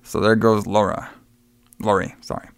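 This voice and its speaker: A man's voice: lowish voice, steady tone, normal speed, vocal fry, no room sound, studio quality. A man casually recapping a movie on a podcast, rambling, swearing often, laughing and acting out the characters. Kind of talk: casual profane chat.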